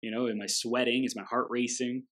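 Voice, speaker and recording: A man with a bright, clear tone chatting on a podcast. He responds to the story thoughtfully and backs up the other speaker. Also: mid-range voice, little pitch movement, brisk. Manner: reflective, supportive listener. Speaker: podcast co-host or guest. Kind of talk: casual podcast conversation.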